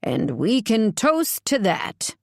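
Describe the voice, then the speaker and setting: A woman's voice: mid-range voice, very animated, takes it slowly, gravelly, a little mellow, dry recording, clean studio sound, pitched above the performer's own voice, exaggerated voice. A woman narrator voicing a domineering older father who taunts his daughters in a smug, offhand way. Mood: taunting.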